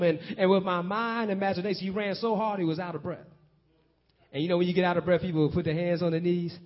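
A man preaching a sermon, swinging from hushed low passages to loud excited calls. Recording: dull lo-fi recording.

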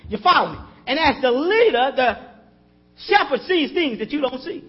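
A man's voice: extremely high pitch, very animated, moderate pace, lo-fi sound. A man preaching a sermon in a conversational style, calling out to the congregation and chuckling as he talks.

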